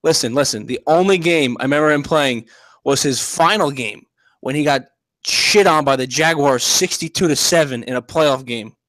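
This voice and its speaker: A man's voice: a little high, normal speed, a bit bright, no echo, low-quality recording. A young man in his twenties on a sports podcast, blunt and dismissive in his opinions. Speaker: podcast co-host. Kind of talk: casual sports talk.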